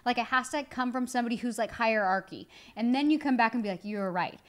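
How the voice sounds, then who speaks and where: A woman in her thirties talks candidly on a married-couple podcast. Her voice sits fairly high, and she tells her stories in a loose, chatty way, stringing them together with "like" and "um". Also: fast talker. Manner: chatty storytelling with many "like" fillers. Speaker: co-host, wife of the other host.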